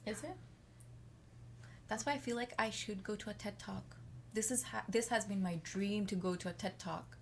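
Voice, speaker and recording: Woman guest, confident and chatty, drifts through long answers at an average pitch. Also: moderate pace, pauses often, slight background noise. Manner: rambling, frequent "like" fillers; self-assured, talks about herself at length. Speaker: podcast guest. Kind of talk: casual chat.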